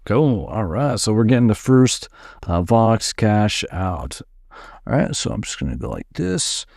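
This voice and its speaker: A man teaching music production in a relaxed, upbeat way, walking through a dance track and sometimes mimicking its sounds with his voice. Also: lowish voice, a little slow, vocal fry. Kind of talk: screen-recorded music production tutorial. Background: dance track playing faintly.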